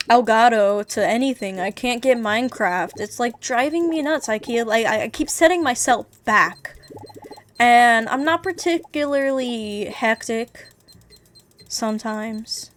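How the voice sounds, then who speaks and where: Chatty woman streamer, a little high. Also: a little hiss or hum. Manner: candid, rambling, swears freely. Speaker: VTuber streamer. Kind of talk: casual livestream chat.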